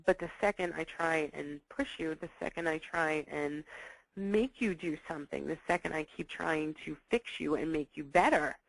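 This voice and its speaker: In a recorded talk, a woman teaches parents about children's behavior, stressing key points by repeating them and slipping into lively voices to act out parent-child scenes. Her voice is deep with vocal fry at a moderate pace. The poor-quality audio is close and dry, with no room sound.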